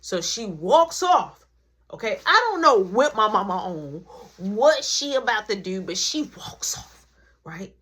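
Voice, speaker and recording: A woman's voice: medium pitch, big pitch swings, a little slow, fairly bright tone, husky. A woman telling a story in casual slang, acting out the voices of everyone in it. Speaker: storytime vlogger.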